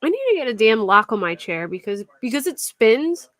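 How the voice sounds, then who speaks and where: A woman's voice: a little high, sing-song, normal speed, a bit bright, no echo. A young woman hosting a casual true-crime live stream, chatting and answering viewers at her desk mic. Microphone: desk mic at a computer.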